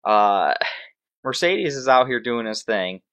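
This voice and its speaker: A man's voice: mid-range voice, slow pace. Ranting sports-show host man, dull sound. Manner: animated, sarcastic, ranting. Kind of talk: casual sports commentary.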